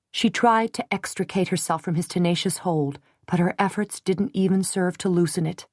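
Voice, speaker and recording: Low-voiced woman narrating a novel. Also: normal speed, hardly any pauses, no echo, studio quality. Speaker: audiobook narrator. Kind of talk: scripted narration.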